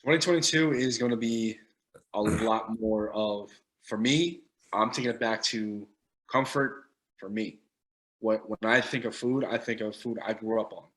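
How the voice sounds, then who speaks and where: Easygoing man with a bright voice. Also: lowish voice, moderate pace, low-quality recording. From Long Island, US. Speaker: guest cook. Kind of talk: casual chat.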